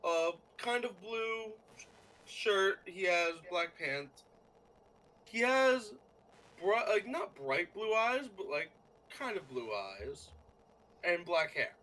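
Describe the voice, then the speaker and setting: Lively, bright-voiced male game master. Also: high-pitched, low-quality recording. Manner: halting, lots of fillers and restarts. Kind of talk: narrating a tabletop game.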